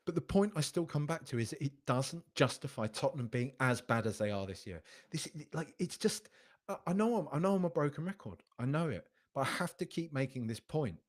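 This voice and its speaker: A man's voice: on the high side, animated, brisk. A man hosting a casual football podcast stream, arguing emphatically and repeating phrases as he makes his points. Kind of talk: casual live-stream commentary reading chat.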